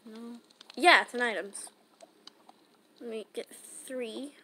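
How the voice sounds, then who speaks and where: A woman with a fairly high pitch takes her time as she talks through a game, chatty and rambling to herself. She hosts a gaming channel, and this is casual gameplay commentary recorded with loud background noise.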